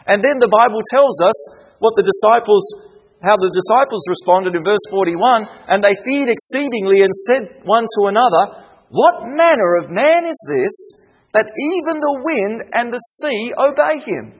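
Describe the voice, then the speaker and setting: A man preaching a sermon with rising fervor and dramatic pauses. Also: high-pitched, animated, breathy edge. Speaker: pastor.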